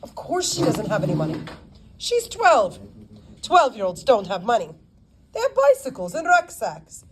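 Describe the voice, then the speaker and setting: A woman's voice: a little high, huge pitch swings, husky, full character voice. A woman voicing a polite, dapper male attorney with a British accent in an audiobook. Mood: breezy. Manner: polite, cheerfully brisk.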